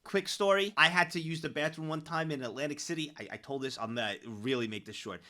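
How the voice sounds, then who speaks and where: A young man streaming, reacting to clips and telling stories in loose, excitable slang. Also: on the high side, fast.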